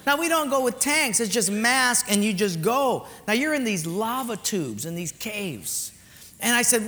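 A man's voice: sits high, sing-song, moderate pace, bright, forceful tone. A man preaching a sermon as a pastor, telling a story animatedly and acting out the dialogue. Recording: reverberant hall, faint ambience.

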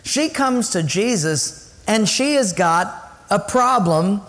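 A man preaching a sermon as pastor, storytelling and acting out the voices of people he quotes. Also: slow. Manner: animated, acts out quoted voices with big pitch jumps. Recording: long hall reverb.

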